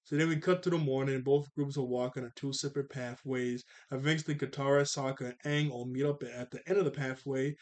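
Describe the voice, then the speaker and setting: A man's voice: medium pitch, fairly even intonation, brisk, few pauses, darkish tone. A young man casually recapping a cartoon episode, rambling with lots of "like", restarts and chuckles at his own jokes.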